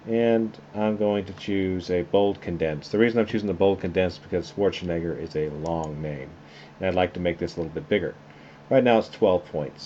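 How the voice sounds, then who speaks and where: A man teaches a class via a screen-recorded software tutorial, relaxed and conversational, thinking aloud while clicking. His voice sits low. The lo-fi sound is slightly dull, with faint noise.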